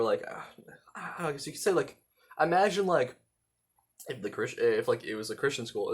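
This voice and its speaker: A young man with a husky, slightly rough voice rambles through a casual vlog monologue. He trips over his words, drops plenty of fillers and the odd swear, at a mid pitch. He records indoors in a room. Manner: rambling, halting, with many fillers and profanity.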